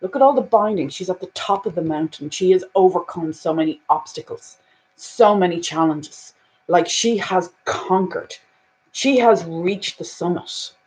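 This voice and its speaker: Woman reading oracle cards; earnest, repetitive, drops to a hush then rises emphatically. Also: fairly low pitch, moderate pace, rough recording. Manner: earnest, repetitive "you know" fillers; swings between hushed and emphatic. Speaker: spiritual card reader.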